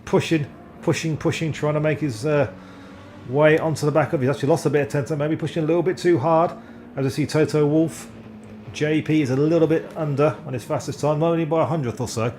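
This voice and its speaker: A man giving live sim racing commentary, excitable and self-deprecating, often stumbling over driver names. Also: on the high side, brisk, a little hiss or hum.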